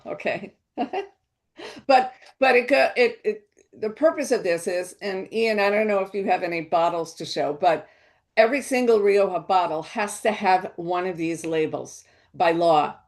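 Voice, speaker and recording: Woman teaching about wine, slightly low voice, chatty and explainy. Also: normal speed, a little mellow. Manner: chatty, explanatory, with laughs and restarts. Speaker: wine educator. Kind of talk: educational wine talk.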